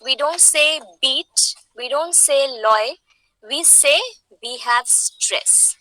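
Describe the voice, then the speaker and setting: A woman with an Indian English accent lectures her class at an unhurried pace. Her voice sits high and sounds very bright. The recording is dry and close. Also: no echo, poor audio. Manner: explains slowly, repeats points, asks the class questions. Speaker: English teacher. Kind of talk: online lecture.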